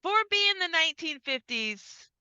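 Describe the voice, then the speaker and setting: Animated woman recapping a film, bright. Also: measured pace, dry recording, highs cut off. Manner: animated, acts out characters' lines with big pitch jumps. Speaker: podcast co-host. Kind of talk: casual chat recapping a film.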